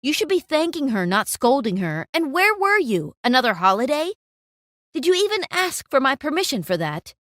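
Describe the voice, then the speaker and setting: A woman's voice: sits high, very animated, moderate pace, fairly bright tone, no room sound, clean studio sound, voice pushed up. A woman voicing a stern, authoritative male cafe owner who scolds his manager, in a storytime narration.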